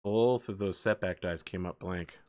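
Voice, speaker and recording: A man running a tabletop game as game master, relaxed and joking while explaining the rules. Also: low voice, normal speed, no echo.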